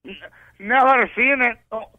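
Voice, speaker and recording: A hoarse man from Scotland calling in, bragging in crude, profane tough-guy banter, his voice cracking. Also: extremely high pitch, unhurried, phone-quality sound, a little hiss or hum. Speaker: caller. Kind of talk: crude comic call-in banter.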